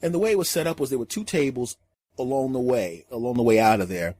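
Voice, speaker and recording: A middle-aged male comedian telling a story in an animated, emphatic way, acting out every scene. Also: mid-range voice, fast talker, dry recording. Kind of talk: comic storytelling.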